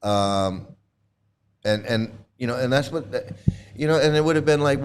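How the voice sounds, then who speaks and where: Showing old photos on his livestream, a middle-aged host talks casually and laughs a lot, stumbling through fillers and restarts. He speaks at medium pitch against a noisy background.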